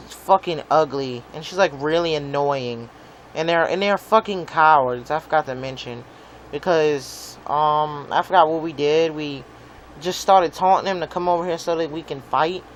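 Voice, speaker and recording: A man's voice: fairly high pitch, slight background noise. A young man in a profane, rambling rant about his neighbors, peppered with "like". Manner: profane, rambling, heavy use of "like". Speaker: vlogger. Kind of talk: rambling angry rant to camera.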